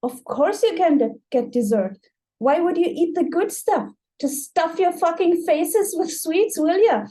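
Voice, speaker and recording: A woman's voice: extremely high pitch, lively intonation, measured pace, mellow, pitched above the performer's own voice. A woman voicing a passive-aggressive hostess who sneers at children and then turns sickly sweet. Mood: scornful.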